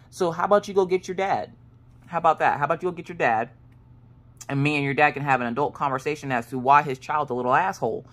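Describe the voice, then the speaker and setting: A woman in her late thirties, a crafting vlogger, telling a story in casual chat with a sassy, animated manner and acted-out quotes. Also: sits low. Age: 30s.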